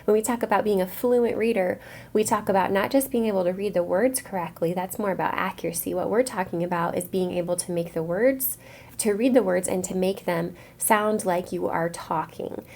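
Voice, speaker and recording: A woman teacher speaking to young students, explaining a reading lesson in a clear, encouraging classroom way. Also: medium pitch, fairly quick, a little mellow.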